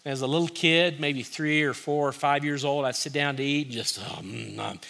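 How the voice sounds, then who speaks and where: A man's voice: on the high side, level tone, normal speed, sharp tone. A man preaching a sermon as pastor, in an earnest, conversational way that repeats key phrases for emphasis.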